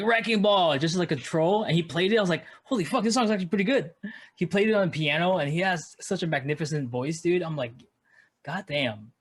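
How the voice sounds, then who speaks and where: A man co-hosting a podcast in casual chat, laid-back and swearing freely. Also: fairly high pitch. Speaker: podcast co-host.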